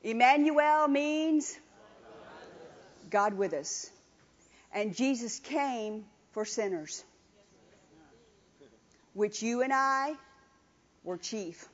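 A woman's voice: a little high, lively intonation, extremely slow, pauses often. A woman preaching a sermon with emphatic repetition, calling on the congregation to answer. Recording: dull lo-fi recording.

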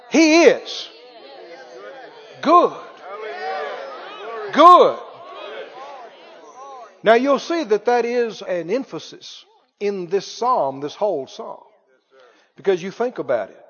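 A man preaching a sermon, exuberant, shouting praise and stretching words out for emphasis. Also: high-pitched, big pitch swings, slow pace, pauses often, highs cut off, some chatter behind. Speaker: pastor. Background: congregation.

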